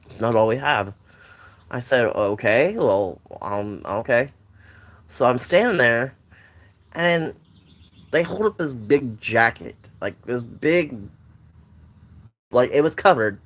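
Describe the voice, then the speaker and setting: Taking it slowly with long pauses, a young man shares a personal story in an expressive, fairly bright mid-range voice. His casual telling rambles, with lots of restarts and side comments.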